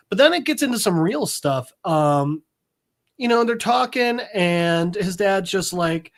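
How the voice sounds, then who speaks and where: A man in his thirties chats casually on a podcast as he retells a comic book. He slips into quick voices for each character and laughs often, keeping it loose and conversational. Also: high-pitched, expressive. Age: 30s. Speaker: podcast co-host.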